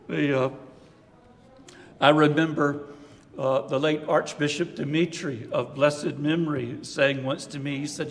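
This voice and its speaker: An older man, a priest, giving an unscripted retreat talk in a conversational, reflective way, pausing on fillers and chuckling softly. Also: on the high side, fairly even intonation, a little hiss or hum. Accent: American Southern. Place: large conference hall. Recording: long-reverb hall.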